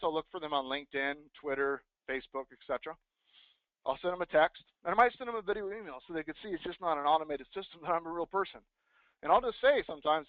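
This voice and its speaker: Energetic man giving a sales talk, thin sound. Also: fairly high pitch, no echo. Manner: energetic, acts out sample phone scripts. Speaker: real estate team leader and speaker. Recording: dry, phone-like thin sound.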